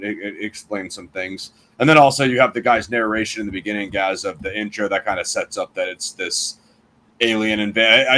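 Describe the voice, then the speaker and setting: Low-voiced man hosting a film review chat. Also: bright, forceful tone. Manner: conversational, lots of fillers and restarts. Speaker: film review show host.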